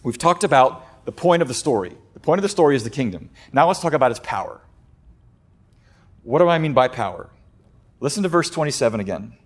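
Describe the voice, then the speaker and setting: At a brisk pace, a man preaches with animation, going quiet and soft on key points but bursting loud and high whenever he acts out someone's words. He is a pastor.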